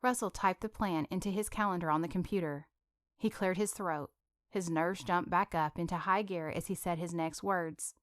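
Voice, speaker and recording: A woman's voice: on the low side, fairly even intonation, moderate pace, no room sound, studio quality. Woman narrating a romance audiobook.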